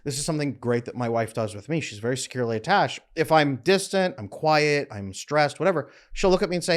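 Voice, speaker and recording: A middle-aged man, a relationship coach, giving blunt, emphatic advice straight to camera with lively swings in his voice. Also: brisk, hardly any pauses. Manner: emphatic, blunt, animated with frequent pitch jumps. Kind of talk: direct-to-camera advice talk.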